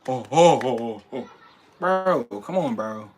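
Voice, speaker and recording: Laid-back Philly boxer chatting with viewers. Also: male voice, normal speed, gravelly, a little hiss or hum. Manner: animated, incredulous when ranting, then low and mumbled. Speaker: boxer answering viewer questions. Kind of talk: casual livestream chat.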